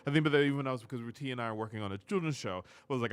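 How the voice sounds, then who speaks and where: A man in casual conversation about writing music, animated, sometimes breaking into snatches of song. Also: medium pitch, racing. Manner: animated, breaks into sung snippets. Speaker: guest musician.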